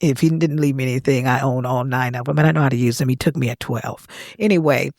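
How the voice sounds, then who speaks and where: A woman, a gospel singer and pastor, talking as a podcast guest in an earnest, confiding way with soft chuckles, in a studio. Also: rumbling low, steady tone, fast, no echo. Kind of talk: candid emotional storytelling.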